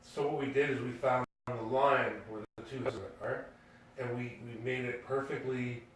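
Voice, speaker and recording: A man's voice: medium pitch, fairly even intonation, normal speed, a little hiss or hum. A man, co-hosting a podcast and telling a story casually, rambling with fillers and restarts. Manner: rambling, full of fillers and restarts, laughing at his own story. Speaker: podcast co-host. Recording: echoey room, distant mic.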